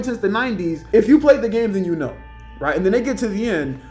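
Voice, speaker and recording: Rambling young man, animated rant. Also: fast talker, faint music behind. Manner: animated, rambling, acts out quoted lines in higher voices. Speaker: YouTuber ranking characters. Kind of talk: casual ranting commentary.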